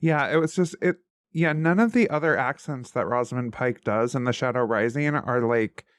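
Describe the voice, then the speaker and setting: Man, podcast co-host, casual chat, smooth clear voice, dry close sound. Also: medium pitch, normal speed, no room sound. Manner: chatty, animated retelling.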